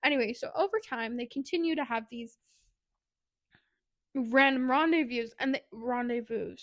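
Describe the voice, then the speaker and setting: A woman co-hosting a podcast, retelling a book plot in casual, animated chat with laughs and asides. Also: on the high side, moderate pace. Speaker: podcast co-host.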